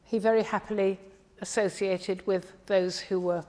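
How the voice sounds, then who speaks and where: A woman from the English Midlands preaching a sermon in a measured, earnest way, often trailing off softly at the ends of phrases. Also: mid-range voice, fairly even intonation. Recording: long hall reverb.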